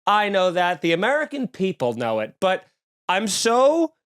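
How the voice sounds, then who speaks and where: A man's voice: sits high, wildly swooping pitch, measured pace, a bit bright, clean tone. A man with a Long Island accent hosting a comedy podcast, talking in a snarky, sarcastic, rambling rant. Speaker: podcast host. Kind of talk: comedic ranting chat. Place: at home with windows open.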